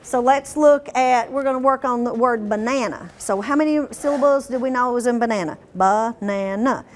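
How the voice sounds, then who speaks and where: A woman's voice: sits high, a little hiss or hum. Interactive woman leading a workshop. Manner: interactive, quizzes the room and stretches demo words out slowly. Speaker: workshop trainer for paraeducators. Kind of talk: teacher training workshop.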